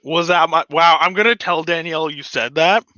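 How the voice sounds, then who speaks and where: A man chatting on a live stream with a bright, forceful voice that sits a little high for a man. His easygoing, chatty talk comes through slightly dull and lo-fi. The sound is dry, with no room echo. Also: moderate pace. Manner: chatty and easygoing, laughs often. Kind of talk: casual live stream chat. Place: home hobby room. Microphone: desk microphone.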